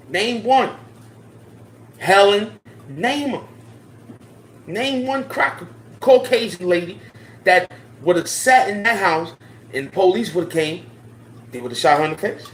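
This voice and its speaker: A man's voice: sits high, fairly bright tone, a little hiss or hum. Emphatic slangy man ranting in echoey room. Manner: slangy, emphatic, repeating phrases. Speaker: online commentator. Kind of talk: impassioned social commentary. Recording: roomy echo.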